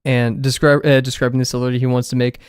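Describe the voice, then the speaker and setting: A man's voice: mid-range voice, little pitch movement, quick pace, smooth, no echo, clean studio sound. A man chatting loosely and self-deprecatingly on a drawing livestream, his voice a little scratchy today. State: slightly scratchy voice. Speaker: art livestreamer. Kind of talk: casual live-stream chat while drawing. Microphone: desk mic, no camera.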